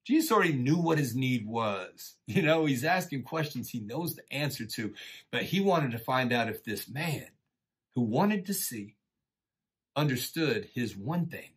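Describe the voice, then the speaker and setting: A middle-aged man teaching a church lesson in a relaxed, folksy way, encouraging listeners and often saying "man" and "you know.". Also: medium pitch, measured pace, slightly rough. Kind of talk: casual conversational sermon.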